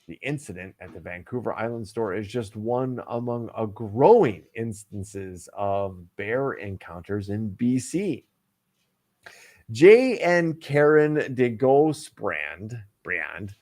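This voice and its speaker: A man's voice: lowish voice, animated, slow pace, a little mellow. A man co-hosting a casual online talk show, reading a news story aloud with hammy jokes, stumbles and asides. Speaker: podcast co-host.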